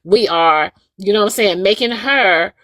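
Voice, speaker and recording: A woman's voice: mid-range voice, moderate pace, fairly bright tone, no room sound. A woman hosting a casual live audio chat, talking emphatically and repeating her points to her listeners. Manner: emphatic, repetitive, addresses listeners as "y'all".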